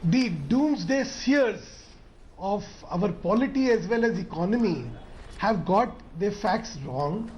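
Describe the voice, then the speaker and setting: A man's voice: high-pitched, expressive, slow, darkish tone, muffled recording, slight background noise. A man with an Indian English accent, a politician arguing insistently in a televised debate, pushing to finish his point. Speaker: politician guest. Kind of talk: heated TV debate.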